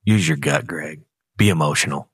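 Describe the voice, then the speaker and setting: A man's voice: rumbling low, moderate pace, vocal fry, a bit bright, slightly rough, dry recording, studio quality, voice pushed down, heavily acted. A man voicing a tempting devil cartoon duck who whispers from the shoulder. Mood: coaxing.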